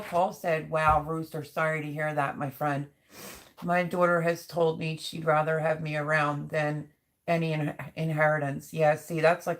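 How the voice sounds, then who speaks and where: A middle-aged woman hosting a live stream, reading viewers' chat comments aloud and answering them in a heartfelt, openly emotional, chatty way. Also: deep voice. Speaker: livestream host.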